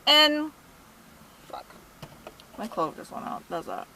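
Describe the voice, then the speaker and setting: A woman's voice: sits high, normal speed, gravelly, background noise. A young woman telling an indignant, profanity-filled story about her job at a thrift store in a casual vlog. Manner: profane, indignant, animated retelling.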